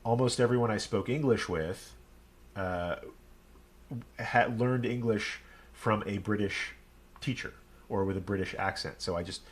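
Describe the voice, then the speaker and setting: Chatty Texan rabbi streaming live. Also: male voice, lowish voice, measured pace, long pauses. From Texas. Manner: rambling, chatty, self-deprecating. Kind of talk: casual live-stream chat.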